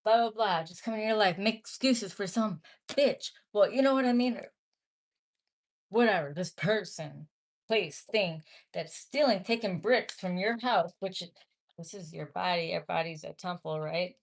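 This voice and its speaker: A woman's voice: mid-range voice, normal speed. A woman from the Midwest hosting a casual livestream, reading viewer comments aloud and talking back bluntly, with swearing. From American Midwest. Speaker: livestream host.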